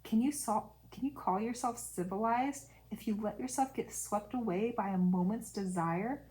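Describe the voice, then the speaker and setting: A woman's voice: a little high, moderate pace, a little mellow, close to an everyday voice, rough recording. A woman reading the lines of a proud young male student in an audiobook, solemn and lecturing.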